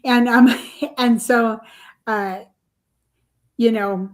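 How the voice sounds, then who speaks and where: An older woman, an author appearing as a podcast guest, tells her story in a rambling, chatty manner packed with fillers and small laughs. Her voice is a little high and steady in tone, and she speaks very slowly.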